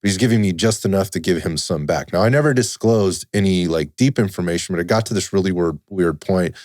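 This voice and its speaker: A man telling a personal story in casual conversation, animated and swearing casually. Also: sits low, a little fast, no echo, studio quality. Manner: animated, acts out quoted dialogue, swears casually.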